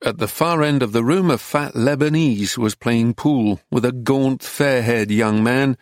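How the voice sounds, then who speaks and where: A man reading an audiobook in a measured, understated, dry manner. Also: medium pitch, dry recording. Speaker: narrator. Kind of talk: scripted audiobook narration.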